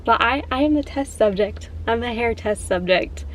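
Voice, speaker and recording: Young woman, fairly high voice, close to tears, rambling car vlog, traffic noise behind. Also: lively intonation, normal speed, a bit bright, poor audio. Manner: rambling, emotional, frequent "like" fillers. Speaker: vlogger. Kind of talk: casual vlog talk to camera.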